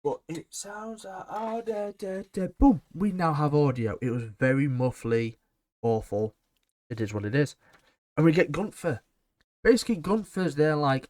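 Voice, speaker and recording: A man's voice: fairly high pitch, moderate pace, a little mellow, dry recording, clean studio sound. A man giving a blunt, sarcastic and rambling casual recap of a wrestling show.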